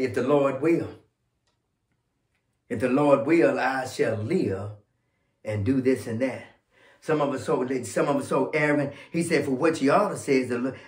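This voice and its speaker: A pastor preaching a fiery sermon, swinging from shouting to low murmurs. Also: male voice, reverberant. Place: church sanctuary.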